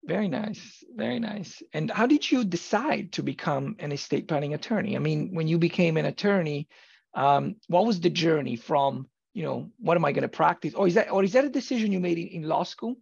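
A podcast host with a casual interviewing manner and a habit of drawn-out affirmations. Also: medium pitch, lively intonation, a little mellow, no echo. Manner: gravelly, husky, drawn-out affirmations. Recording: dull lo-fi recording.

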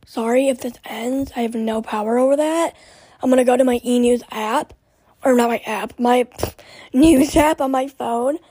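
A young woman hosting her own podcast in a rambling, chatty way full of fillers, her voice hoarse and short of breath. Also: a little high, moderate pace, warm tone, dry recording, low-quality recording. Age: young adult. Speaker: podcast host. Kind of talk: casual solo podcast chat.

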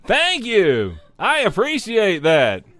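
A man's voice: high voice, wildly swooping pitch, slow, bright, forceful tone, no echo. A man hosting a comedy talk show, reading out strange news stories and riffing on them with profane asides. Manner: profane, riffing asides between read-out headlines.

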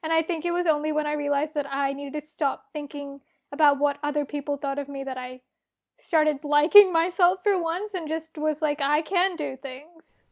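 A woman's voice: high voice, steady tone, normal speed, gravelly, darkish tone. A young woman from Australia co-hosting a podcast, chatting candidly and swearing freely. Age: young adult. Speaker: podcast co-host. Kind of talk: casual chat.

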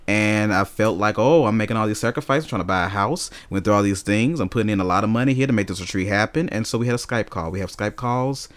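Animated storyteller man, low voice. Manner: animated storyteller, swears freely. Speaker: podcast co-host. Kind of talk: casual chat.

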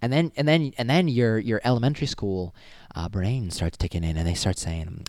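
A man's voice: mid-range voice, expressive, normal speed, no echo, clean studio sound. A young man in college talking casually and rambling to the camera, swearing freely and acting out little voices. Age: young adult. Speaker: college student vlogger. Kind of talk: casual monologue.

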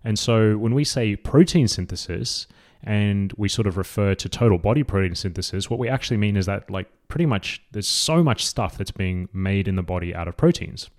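A man with a very low voice talks through fitness ideas in an easygoing, explanatory way. His delivery is conversational, peppered with fillers, and he speaks like a coach breaking ideas down simply. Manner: relaxed, conversational, frequent fillers. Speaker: fitness educator. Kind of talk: casual explanatory talk.

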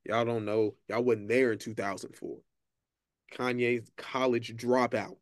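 A man's voice: mid-range voice, steady tone, measured pace, no room sound. A man co-hosts a loose chat show, stating his opinions boldly, stressing his points, and cursing freely. His voice sits in an ordinary middle register for a man. The recording is dry and close. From Texas, USA. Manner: bold, emphatic, profane. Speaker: podcast co-host. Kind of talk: casual chat.

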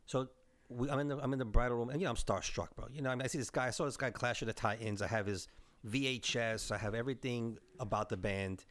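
A man in his forties from the Bronx with a New York accent, excitedly telling stories in casual chat. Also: mid-range voice, fast. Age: 40s. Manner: excitable storyteller, says bro and man, mild swearing. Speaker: podcast co-host.

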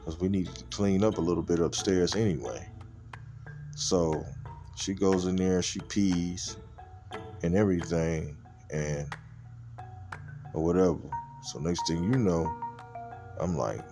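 Over faint background music, a male podcast host shares a personal story casually, cursing freely and leaning on fillers such as "you know what I'm saying." He sounds mellow and low-pitched, speaking at a measured pace with frequent pauses.

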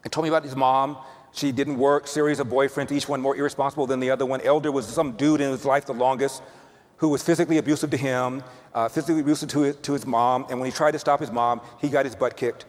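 A man's voice: mid-range voice, steady tone, fast. Man telling a story in a big hall. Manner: emphatic, repeats words for build-up. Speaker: speaker telling a personal story. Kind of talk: storytelling speech. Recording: long reverb of a hall.

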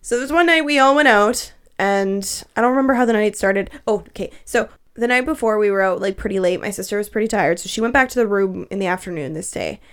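A young woman tells a story in casual chat, swearing freely and breaking into laughter. Her voice sits in the middle of the pitch range, and her telling is loose and animated. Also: fast, few pauses, clear, resonant tone.

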